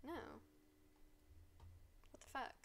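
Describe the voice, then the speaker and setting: A woman's voice: takes it slowly, fairly bright tone, a little hiss or hum. A woman streamer chatting casually as she plays a life-sim game, sarcastic and swearing freely as she scolds the characters aloud.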